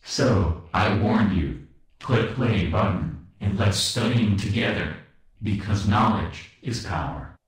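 Guy doing a stiff game announcer, broken english, low voice, far off. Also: slow. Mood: formal. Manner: broken English, flat formal delivery. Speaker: game intro narrator. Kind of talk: scripted game warning. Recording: very echoey, voice from far off.

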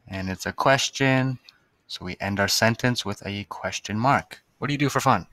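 A man's voice: fairly low pitch, moderate pace, bright, forceful tone, no room sound. A male teacher giving a recorded lesson to young students, patient and spelling out words one by one.

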